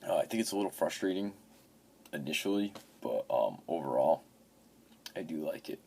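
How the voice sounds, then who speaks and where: A man's voice: a bass voice, expressive, moderate pace, gravelly, mellow, breathy edge. A man in his fifties casually talking about his video game pickups, swearing often and telling rambling stories. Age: 50s. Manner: profane, rambling storyteller. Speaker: game collector.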